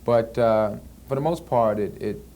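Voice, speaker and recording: A man's voice: medium pitch, a little slow, mellow. A man in his thirties, an actor being interviewed, answering casually with many fillers and restarts. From United States. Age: 30s. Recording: archival interview tape with faint hiss.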